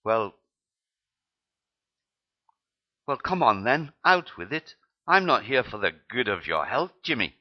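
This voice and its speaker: A man's voice: medium pitch, very animated, moderate pace, lo-fi sound, pitched above the performer's own voice. A man voicing a brusque, mocking male army medic with a put-on Scottish accent. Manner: teasing, rough-spoken.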